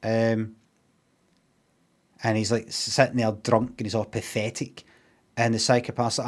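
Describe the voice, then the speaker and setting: A man's voice: fairly low pitch, level tone, measured pace. A man with a Scottish accent recapping a film in a casual, rambling way, swearing freely and filling gaps with ums and asides. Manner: sweary, meandering, with lots of fillers and asides. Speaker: streamer reviewing a film.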